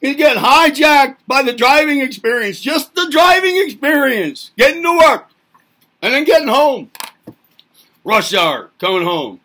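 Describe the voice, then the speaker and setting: A man with a very high, sharply bright voice talks through a loose self-help lecture. He rambles, keeps firing rhetorical questions at the listener and swears casually along the way. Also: animated, measured pace. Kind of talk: informal lecturing monologue.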